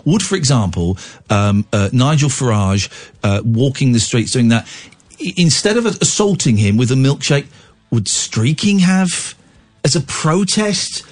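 A man's voice: medium pitch, very animated, unhurried. A man hosting a radio phone-in, thinking aloud with many restarts. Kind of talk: casual radio talk.

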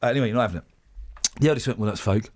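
A man hosting a radio show, joking around in a lively way and often stumbling over restarts. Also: medium pitch, racing. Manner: animated and jokey, stumbling restarts. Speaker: radio host. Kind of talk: casual radio banter.

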